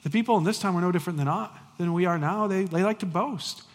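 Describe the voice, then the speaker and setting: A man in his forties preaching a sermon as pastor, emphatic and animated with casual conversational asides. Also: high voice, quick pace, big-room sound.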